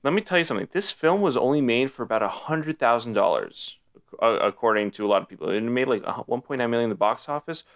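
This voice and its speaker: A man co-hosting a casual podcast about films, eager and excitable, talking in bursts. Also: mid-range voice, quick pace. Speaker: podcast co-host. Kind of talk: casual chat about movies.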